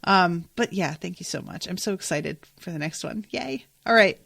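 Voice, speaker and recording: A woman's voice: lowish voice, lively intonation, normal speed, creaky, fairly bright tone, dry recording, studio quality. A woman hosting a podcast, recapping a TV episode in a chatty, gushing way and swearing freely. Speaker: podcast host.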